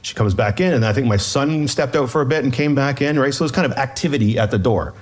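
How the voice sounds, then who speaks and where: A man co-hosting a podcast, telling a story with lively, animated delivery and quick quoted voices. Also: mid-range voice. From Canada. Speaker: podcast co-host. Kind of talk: casual chat, storytelling.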